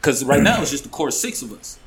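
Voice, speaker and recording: A man's voice: medium pitch, sing-song, fairly quick, rough recording. Laid-back boastful man, faint hiss behind. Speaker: podcast co-host. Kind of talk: casual group chat.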